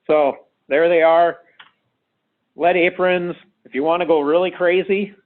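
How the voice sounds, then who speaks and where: A man giving an informal medical lecture in a casual, conversational way, punctuated with frequent "okay"s. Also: a little high. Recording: tinny phone-like sound.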